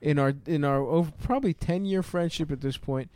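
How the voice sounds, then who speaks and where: A man co-hosting a crude comedy podcast, animated and laughing often. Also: a little high, brisk. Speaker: podcast co-host.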